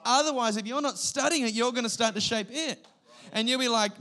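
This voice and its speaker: A guest pastor, an Australian man in his thirties, preaches with lively storytelling and sudden loud outbursts. His voice is high-pitched and moves at a normal speed.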